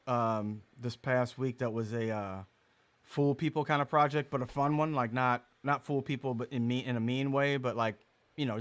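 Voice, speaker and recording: A male comedian in casual podcast chat, telling stories with lots of laughter. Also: medium pitch. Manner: animated, laughs through his stories.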